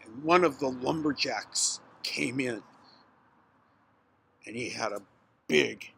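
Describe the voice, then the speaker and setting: A man telling a children's story aloud in an animated way, with restarts and dramatic pauses. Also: medium pitch, creaky, slightly rough.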